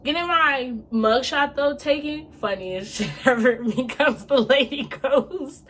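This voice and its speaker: Woman vlogger doing a storytime, kinda high voice, super expressive n slangy, pitch all over. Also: measured pace, hardly any pauses. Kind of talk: casual storytime.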